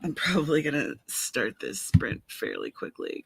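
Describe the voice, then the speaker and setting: A woman's voice: low-pitched, wildly swooping pitch, normal speed, gravelly, fairly bright tone, breathy edge, no room sound. A woman hosting a casual writing livestream, chatting with viewers and greeting them by name while complaining about a watering eye. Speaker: author and livestream host. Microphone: headphones with mic.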